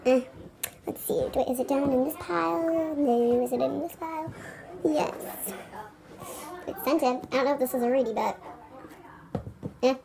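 A woman's voice: sits high, moderate pace, vocal fry, long pauses, a crowd in the background. A woman playing a careless, lazy girl who sells squishies, shrugging things off and talking to herself. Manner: offhand, shrugging, talks to herself.

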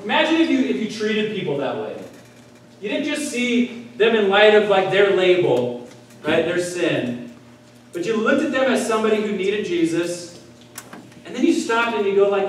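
A man's voice: sits high, expressive, normal speed, slight background noise. A male pastor preaching a sermon in a conversational way, tossing out rhetorical questions and checking in with "right?". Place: church sanctuary. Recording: echoey room heard from a distance.

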